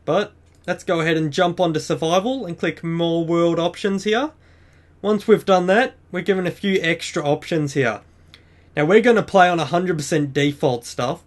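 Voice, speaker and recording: A man with a fairly high voice hosts a game tutorial. He chats casually and keeps an upbeat tone while walking the listener through each setting one step at a time. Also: moderate pace. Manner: chatty, upbeat, explains step by step. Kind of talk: screen-recorded game walkthrough.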